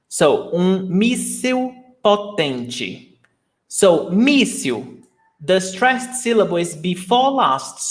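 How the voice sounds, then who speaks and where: A native Portuguese speaker with a slightly high voice teaches a live online lesson, patiently repeating words slowly for his learners.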